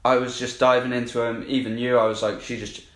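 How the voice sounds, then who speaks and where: A man of middle pitch tells his story candidly, rambling and swearing freely. The room around him rings with a noticeable echo. His manner is loose and casual. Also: little pitch movement, a little fast. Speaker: coaching client. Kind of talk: casual recounting of an experience. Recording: roomy echo.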